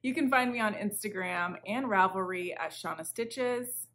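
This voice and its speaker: A home crafting podcast features a woman with a mid-range, slightly bright voice talking at a moderate pace. Still somewhat ill and on the mend, the host keeps things chatty and casual, wandering off topic and interrupting herself. The audio comes from a camera used for a video podcast.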